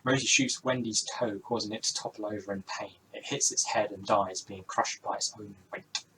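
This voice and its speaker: A man narrating a homemade story game in a low-key, dry manner. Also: normal speed, vocal fry, background noise.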